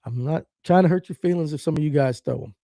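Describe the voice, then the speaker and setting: Talking fast with some vocal fry, a middle-aged man from the American South hosts a fishing podcast live stream, giving blunt, strong opinions and reading out viewer comments. His pitch runs slightly high for a man but stays warm and mellow, in a dry, close room without echo.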